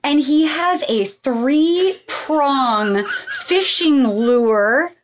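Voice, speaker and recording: A woman in her forties co-hosting a podcast, chatting playfully and telling stories with quick laughs. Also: high-pitched, lively intonation, slight background noise. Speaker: podcast co-host. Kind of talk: casual chat.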